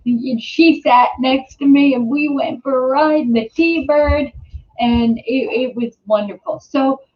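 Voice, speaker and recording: A woman's voice: high voice, slow pace. A middle-aged woman hosting a casual live stream from home, rambling with lots of fillers and restarts. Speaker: host. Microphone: webcam or computer mic. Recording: slightly dull, lo-fi home webcam audio.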